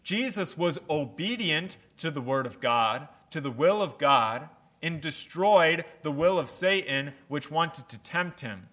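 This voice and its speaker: Male pastor, sermon, slow deliberate delivery, clear bright tone, emphatic. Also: a little high, lively intonation. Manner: measured, emphatic preaching.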